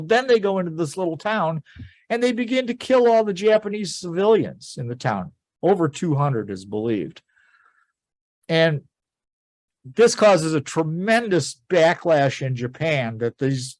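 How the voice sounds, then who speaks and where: Guy teaching history, tells it like a story, kinda high voice, dry close sound. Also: dry recording. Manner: animated storytelling, quoting figures in plain conversational voice. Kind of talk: informal history lecture.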